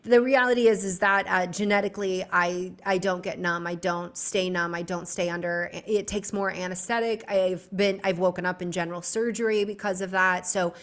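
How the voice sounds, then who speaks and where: A woman doctor and author, a guest in a casual podcast conversation, speaking as a chatty storyteller with quick asides. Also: on the low side, fairly even intonation.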